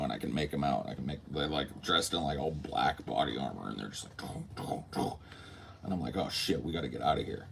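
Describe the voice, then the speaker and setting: A man hosting a podcast, telling a dream in a loose, animated way, acting out quotes and swearing freely. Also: very deep voice, creaky, slight background noise. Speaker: podcast host. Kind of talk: casual storytelling.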